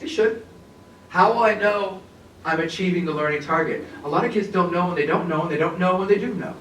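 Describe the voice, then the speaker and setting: In a conference room before an audience, a somewhat high-voiced man presents a teacher workshop at a brisk pace. He talks to the crowd with animated humor. The mic is a little far off, so there's heavy echo, plus a faint background hiss.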